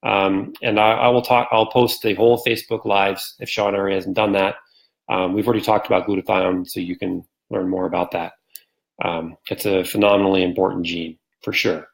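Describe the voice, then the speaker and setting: A low-voiced man with a gravelly edge, talking casually on a live stream. He reads out viewer comments and answers them, rambling with ums and restarts. When he quotes people he switches to a livelier voice. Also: level tone, brisk, poor audio.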